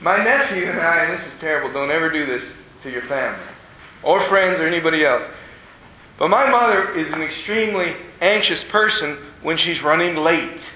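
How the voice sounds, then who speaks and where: A man preaching a conversational sermon, telling stories with animation and playful asides to his listeners. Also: bright, forceful tone. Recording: echoey room with faint rumble.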